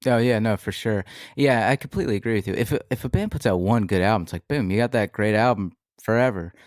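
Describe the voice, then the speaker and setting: A man, a musician guest on a casual podcast, speaking in a self-deprecating way with frequent laughs and halting restarts. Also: lowish voice, no room sound, clean studio sound. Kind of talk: casual interview chat.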